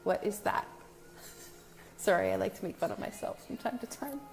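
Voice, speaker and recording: A woman's voice: mid-range voice, normal speed, vocal fry, darkish tone, soft background music. A woman hosting a casual live stream from her home, greeting viewers by name in a chatty, self-deprecating way. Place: new home with a brick wall, indoors.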